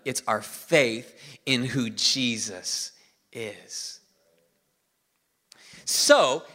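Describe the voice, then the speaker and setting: A man preaching a sermon to his congregation, emphatic, moving between loud declarations and soft, quiet passages. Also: a little high. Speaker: pastor. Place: church hall. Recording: long reverb of a church hall.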